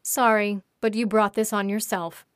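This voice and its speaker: A woman reading the part of a calm, cruel young woman giving orders in a storybook, in a dry recording. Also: mid-range voice, moderate pace, clean tone, no room sound, lightly acted. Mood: cool.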